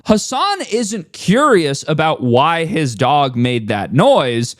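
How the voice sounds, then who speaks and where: A man's voice: a little high, big pitch swings, slow pace, few pauses, dry recording, studio quality. A man giving a mocking, incredulous reaction commentary on a streamer's clip.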